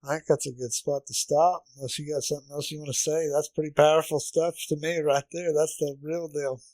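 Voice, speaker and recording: Male podcast host, casual chat, affirming, somewhat high voice, dry sound. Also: steady tone, fairly quick, a little mellow, no room sound, rough recording. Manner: affirming, brief acknowledgments.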